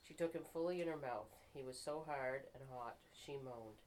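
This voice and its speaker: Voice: mid-range voice, moderate pace, a little mellow, slight background noise, rough recording. A writing group member reading their own fiction aloud and stopping now and then to fix slips. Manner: reads steadily, stops to fix slips and apologizes.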